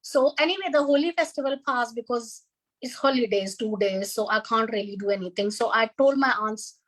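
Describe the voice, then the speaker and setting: Woman guest, high-pitched, animated and vivid personal storyteller. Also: a little fast, low-quality recording. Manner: animated, vivid retelling of arguments. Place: online video call.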